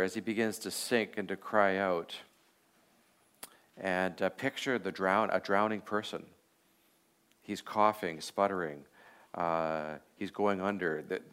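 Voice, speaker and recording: A man teaching a class guides a meditation on a Bible passage, unhurried and reflective, with frequent filler pauses. His low voice is a bit bright, clear and resonant.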